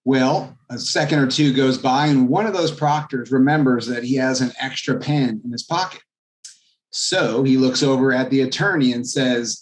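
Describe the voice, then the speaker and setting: A man, a real estate agent, telling an anecdote as a guest in a podcast interview, in a lively storytelling manner. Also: medium pitch, normal speed. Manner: animated anecdote telling, acts out quoted voices.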